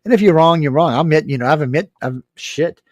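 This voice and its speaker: A man's voice: on the high side, fast, dry recording. A man as an interview guest, telling stories in a frank, chatty way and acting out the dialogue. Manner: animated storyteller who acts out quoted dialogue; frank, chatty, with mild swearing. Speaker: guest, UFO researcher and radio network producer. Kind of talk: casual storytelling interview.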